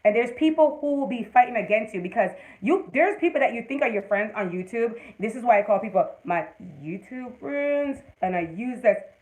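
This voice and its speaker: A woman's voice: fairly high pitch, fast, a little mellow, poor audio. A woman hosting a casual livestream, giving motivational advice and greeting viewers by name. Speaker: livestream host.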